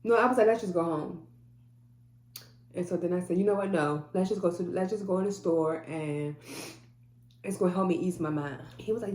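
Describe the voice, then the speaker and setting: A woman's voice: on the low side, moderate pace, pauses often, a little mellow. Earnest woman telling a story, echoey room. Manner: earnest, quotes people in dialogue. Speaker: vlogger telling a personal story. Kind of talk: emotional storytelling to camera. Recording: echoey room with faint hum.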